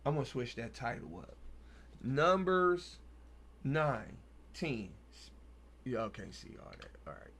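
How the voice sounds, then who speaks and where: A man's voice: mid-range voice, big pitch swings, takes it slowly, pauses often, fairly bright tone. A man, hosting a casual Bible study, reading verses aloud and then riffing on them in loose, slangy talk. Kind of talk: casual scripture reading and commentary.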